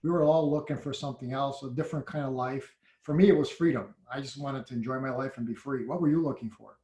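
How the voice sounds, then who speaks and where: Brief: male business leader, chatty interview, lively and excitable, roomy echo on the sound. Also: mid-range voice, fast talker. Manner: animated storyteller, laughs and gets loud when excited. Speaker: senior network marketing leader. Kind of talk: conversational interview.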